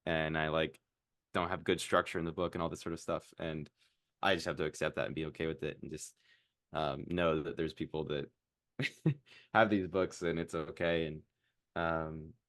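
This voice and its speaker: A young man in his twenties chats loosely as a podcast guest. His voice sits very low and the room sounds dry and close. He rambles with plenty of fillers and laughs at his own mistakes. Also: steady tone, normal speed, a bit bright, dry recording. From Iowa. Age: 20s. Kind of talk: casual interview chat.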